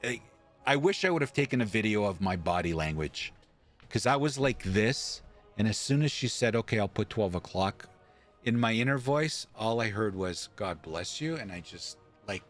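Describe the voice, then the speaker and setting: A man from Canada, a streamer, telling a story in a casual, animated way, acting out quoted lines and swearing casually. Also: on the low side, moderate pace, faint music behind. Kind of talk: casual storytelling while gaming.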